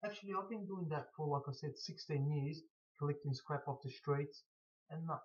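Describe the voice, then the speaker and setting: Stuffy-nosed man, halting speech. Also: fairly high pitch, darkish tone. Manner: halting, stuttering, frequent restarts. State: blocked nose from hay fever. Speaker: scrap collector vlogger. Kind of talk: casual to-camera Q&A. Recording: dull lo-fi recording.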